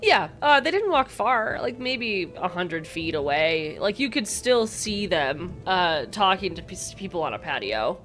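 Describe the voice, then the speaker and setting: A woman's voice: lowish voice, sing-song, a little slow, hardly any pauses, a bit bright, faint music behind. A woman narrating a tabletop game as game master, chatty and often laughing. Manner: giggly, loose and chatty.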